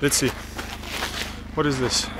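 Tired man vlogging on a noisy mountain trail. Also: a little slow. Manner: chatty, talks to viewers and companion. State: tired from walking. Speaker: travel vlogger. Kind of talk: casual vlog narration while hiking. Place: outdoors on a volcano path and tourist stalls. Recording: loud outdoor noise.

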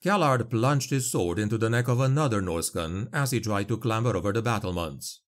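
A man narrating a dark fantasy audiobook in a measured storytelling manner. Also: fairly low pitch.

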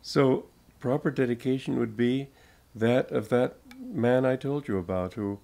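A man's voice: medium pitch, vocal fry, dark tone. An older American man, a spiritual teacher, giving an informal talk to an audience, telling stories and laughing often as he goes. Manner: slow, chuckling storyteller.

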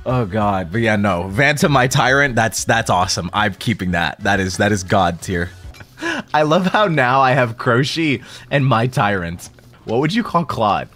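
A young man streaming, telling stories in a loose, laughing chat and breaking into high squealed impressions of friends. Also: sing-song, measured pace, fairly bright tone, faint music behind. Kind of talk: casual chat to a stream audience.

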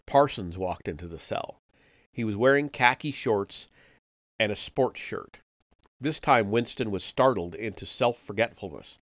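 Low-voiced man reading a novel aloud. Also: animated, fairly bright tone, dry recording, highs cut off. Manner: measured, with occasional slips and self-corrections. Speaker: reader of an online book series. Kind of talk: live audiobook reading.

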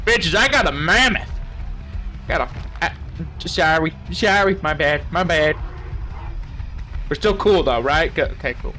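A man's voice: on the high side, animated, unhurried, pauses often, pushed and bright, soft background music. Joking young man talking over a game. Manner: joking, crude, talks to the game characters. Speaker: gaming channel host. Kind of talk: game commentary.

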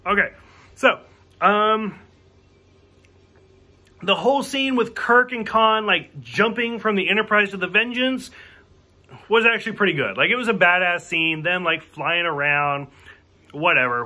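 A man with a high, bright voice reviews a movie casually, ranting frankly, swearing freely and using "like" as filler. He acts out quoted lines and speaks at a measured pace with frequent pauses.

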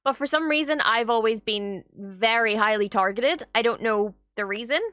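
A young Irish woman hosting a reaction video, chatting casually and gushing excitedly with frequent swearing. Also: on the high side, normal speed, no echo.

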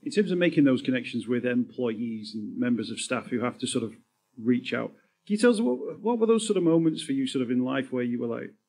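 Husky man asking long, winding questions. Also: medium pitch, animated, fairly quick, a little mellow. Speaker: podcast host and interviewer. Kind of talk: live on-stage interview questions.

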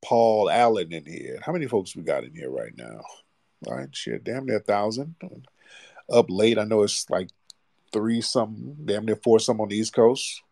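Man, call-in host, blunt and slangy, lowish voice, dry sound. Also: animated, moderate pace, creaky, darkish tone, dry recording. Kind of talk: live call-in radio show.

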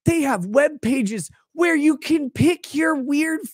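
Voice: high-pitched, expressive, slow pace, no room sound. Sarcastic, swearing livestream ranter, dry sound. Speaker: livestream commentator. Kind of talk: profane comedic rant.

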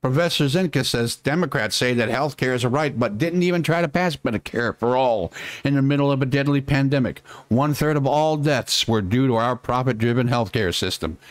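A man talks through a casual political live stream, drifting between muttered asides and sarcastic jabs with a fair amount of swearing. His voice sits at an ordinary middle pitch. The sound is dry and close, with no room around it. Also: a little fast, no echo. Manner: rambling, sarcastic, mutters while working the computer, swears.

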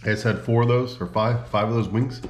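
A man's voice: medium pitch, fairly even intonation, fairly quick, echoey room, a little hiss or hum. A man with a Midwestern American accent talking in a chatty, rambling, self-mocking way to his camera for a casual vlog. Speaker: vlogger.

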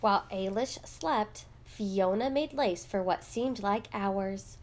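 Slow, gentle woman reading a children's book. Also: medium pitch. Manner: gentle, measured storytelling. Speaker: read-aloud narrator. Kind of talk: children's book read-aloud.

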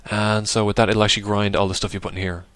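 A man giving rambling, casual let's-play commentary over a game, now and then yelping loudly at what happens. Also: on the low side, little pitch movement, quick pace, no echo. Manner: chatty, rambling, bursts into loud yelps at the game. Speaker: gaming video host.

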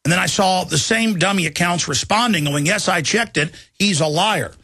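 A heated man holds forth on his talk show, his voice gravelly and sharp-edged. His pitch sits somewhat high for a man. He rants in an agitated way and keeps building. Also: moderate pace, dry recording, studio quality. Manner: agitated, ranting, mimics people in shouted voices. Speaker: radio talk show host. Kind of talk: heated political rant.

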